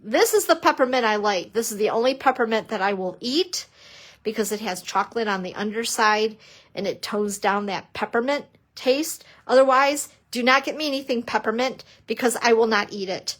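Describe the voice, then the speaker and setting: A fairly bright, slightly high voice at a moderate pace belongs to this middle-aged papercrafting instructor. Live-streaming a demonstration, she's chatty and bubbly, welcoming viewers and teasing herself.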